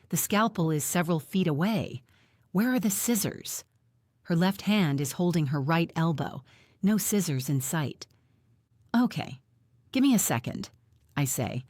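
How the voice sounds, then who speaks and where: A woman reading a first-person audiobook in a tense, measured storytelling manner, close to the mic. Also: low voice, a little mellow, no room sound. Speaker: audiobook narrator.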